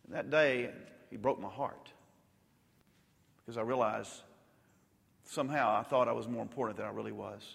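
A male pastor preaching a sermon, rising to loud emphatic peaks and dropping to soft, intimate lows. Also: lively intonation, normal speed, vocal fry, pauses often. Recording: long hall reverb.

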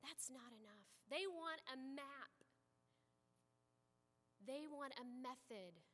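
A woman preaching a sermon as an animated storyteller, swinging from loud to hushed, heard with echoey sanctuary reverb. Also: sits high, takes it slowly. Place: church sanctuary.

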